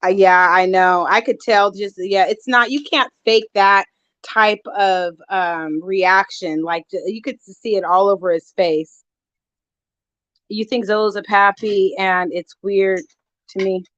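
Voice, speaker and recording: A woman's voice: medium pitch, steady tone, unhurried, a bit bright, no room sound. A woman vlogger chatting casually on a live stream, greeting viewers and giving gossipy commentary on online drama, a bit winded. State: winded, out of breath. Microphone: phone. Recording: dull lo-fi, dry sound.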